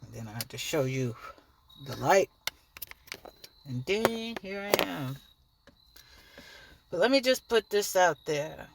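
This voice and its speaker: A woman's voice: lowish voice, big pitch swings, takes it slowly, creaky, pauses often. Blunt woman preaching at the camera, lots of swearing, bit of background hiss. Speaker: dancer and vlogger. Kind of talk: direct-to-camera monologue.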